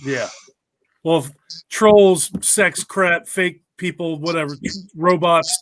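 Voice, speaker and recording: A man's voice: fairly high pitch, takes it slowly, a bit bright, no room sound. A man chatting as a guest on an online call, candid and blunt, swearing casually. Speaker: guest, video creator. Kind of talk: casual chat.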